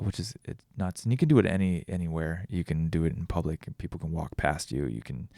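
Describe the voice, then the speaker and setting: Captured as a dry recording with clean studio sound, this deep, warm male voice belongs to a tired podcast host working alone. His casual reflection meanders, with many restarts as he thinks aloud.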